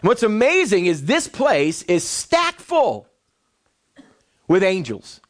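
A pastor preaches to his congregation in a high, lively voice. His pitch swings widely while he acts out the people in his stories. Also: slow pace. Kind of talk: sermon. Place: church before a congregation.

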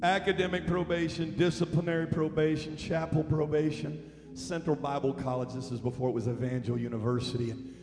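A man in his forties preaching a sermon in a large church, building from quiet storytelling to impassioned shouting. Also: on the high side, fairly even intonation, fairly quick. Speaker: pastor. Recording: echoey hall with music underneath.

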